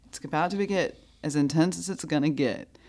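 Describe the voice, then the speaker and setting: Woman, very low voice, casual chat, animated storytelling, frequent laughter. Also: moderate pace. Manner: animated, laughing often, acting out quotes.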